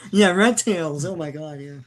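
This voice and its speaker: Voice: medium pitch, a bit bright. Co-host, casual, dry sarcastic quips, medium voice. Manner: dry joking, quick quips. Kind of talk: casual chat.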